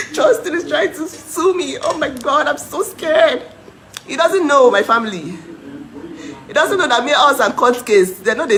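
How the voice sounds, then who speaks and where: A woman's voice: fairly high pitch, fairly bright tone, rough recording. A young woman from Nigeria ranting to her followers, indignant and mocking, breaking into disbelieving laughs. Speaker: vlogger. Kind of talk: heated live rant to followers.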